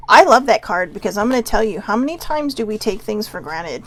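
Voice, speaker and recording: Rambly woman host, gravelly fry in her voice, giggles and side notes all over. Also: a little high, very animated, brisk, few pauses. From Filipino and Hawaiian heritage. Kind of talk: casual chat reading gratitude cards.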